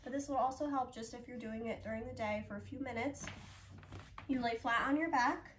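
High-voiced woman guiding kids' breathing. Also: fairly bright tone, recorded from a distance, slight background noise. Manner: encouraging, coaxing, talks slowly to children. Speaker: children's yoga instructor at a library. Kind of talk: gentle guided breathing lesson for kids. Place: library room, indoors.

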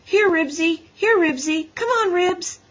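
A woman voicing a young boy who calls his dog in shrill, pleading shouts. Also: huge pitch swings, fairly quick, breathy edge, lo-fi sound, heavily acted.

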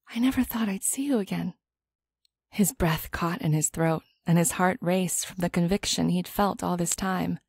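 Calm woman narrating an audiobook. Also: fairly low pitch, no room sound. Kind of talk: scripted narration.

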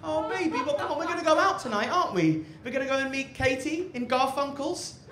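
A man's voice: extremely high pitch, animated, quick pace, pitched above the performer's own voice. A man voicing a doting young girlfriend who coos and coaxes her partner. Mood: cooing. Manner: cooing, coaxing. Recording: echoey rooftop with loud crowd.

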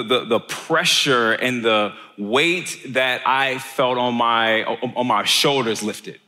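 Man, young adult, pastor, sermon, earnest, repeats words, bright forceful tone, long hall reverb. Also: mid-range voice. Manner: earnest, repeats words often, builds to emphatic peaks. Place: church auditorium.

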